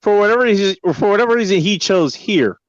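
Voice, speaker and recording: A male livestream host chats loosely, swearing a lot and laughing often. His voice sits a little high and swings widely in pitch. The mic sounds dull and lo-fi, with a dry, close sound. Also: expressive, fast, dry recording. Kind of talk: casual livestream chat.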